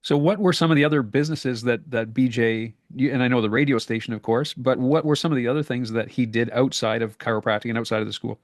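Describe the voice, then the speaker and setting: A man with a Canadian accent, hosting a podcast and asking measured, polite questions. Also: medium pitch, no echo, studio quality. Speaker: podcast host. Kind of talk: interview questions.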